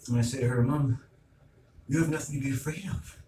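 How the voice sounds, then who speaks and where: Brisk and warm-toned, a middle-aged male vlogger's mid-range voice keeps fairly even intonation through an agitated, ranting monologue. He reenacts an argument in quoted back-and-forth, recorded roomily from a distant mic with noisy ambience.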